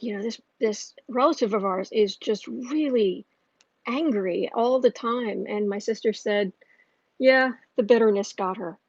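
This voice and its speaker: Woman tarot streamer, husky and fairly high, rambling casual chat, muffled lo-fi mic. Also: a little mellow, no echo. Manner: rambling, chatty, self-interrupting with restarts. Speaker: astrology and tarot livestream host.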